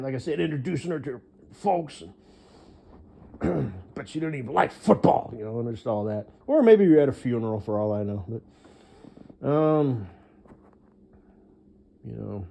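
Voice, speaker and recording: A man rambles on in a long one-sided monologue, his voice dark and mellow at an ordinary middle pitch. He swears casually and keeps circling back with fillers and restarts. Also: very animated, normal speed, gravelly, pauses often. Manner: rambling, profane, full of fillers.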